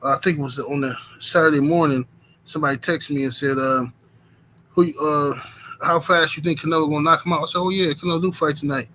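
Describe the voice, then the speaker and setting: Bright, upbeat man hosting a live stream. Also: a little high, a little fast, a little hiss or hum. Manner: hypes the chat, shouts out viewers by name; relaxed with many fillers. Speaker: host of a boxing talk stream. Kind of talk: casual live-stream chat.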